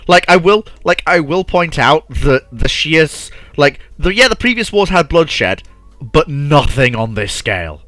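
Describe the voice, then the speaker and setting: A man's voice: on the high side, big pitch swings, unhurried, fairly bright tone, no echo, soft background music. A man hosting a casual chat about alternate history, eager and restarting his sentences, full of fillers. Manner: eager, talks over himself, many fillers like "like". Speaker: podcast host.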